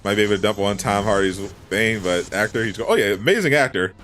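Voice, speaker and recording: A man's voice: fairly low pitch, expressive, fast, fairly bright tone, soft background music. Laid-back man chatting casually while streaming. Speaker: gaming streamer. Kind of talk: casual chat. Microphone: desk condenser mic.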